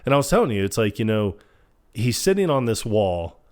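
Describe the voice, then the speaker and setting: A man's voice: fairly low pitch, fairly quick. A man co-hosting a podcast, retelling a film in casual chat and acting out the characters' lines. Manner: animated, acts out quoted lines in changing voices. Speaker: podcast co-host.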